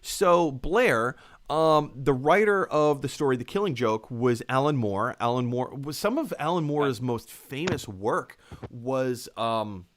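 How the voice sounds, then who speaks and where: A man's voice: medium pitch, animated, a little slow. A man hosting a live stream, reading out viewer messages and chatting casually with lots of fillers. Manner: reads viewer messages aloud, rambling with many fillers. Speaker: podcast host.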